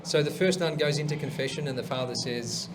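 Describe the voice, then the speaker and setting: A man's voice: mid-range voice, a little fast, noisy background. A man hosting a comedy show, chatty and telling jokes, laughing at his own punchlines. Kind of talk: stand-up joke telling.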